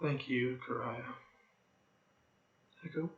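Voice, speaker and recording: A raspy-voiced young man giving a casual, rambling tarot reading, musing aloud with plenty of fillers. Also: medium pitch, fairly even intonation, slow pace, echoey room, lo-fi sound. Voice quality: raspy throat. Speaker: tarot reader.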